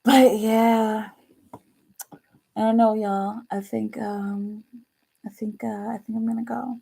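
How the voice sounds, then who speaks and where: A woman's voice: on the high side, flat delivery, slow pace, vocal fry, warm tone. A young woman hosting a tarot livestream, chatting casually to viewers in a rambling way, laughing often and saying "like" a lot. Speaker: tarot reader livestream host.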